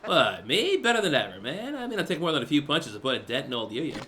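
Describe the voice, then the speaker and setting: A man voicing a cocky, brash young club manager in a game, loud and upbeat. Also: mid-range voice, big pitch swings, quick pace, slight background noise.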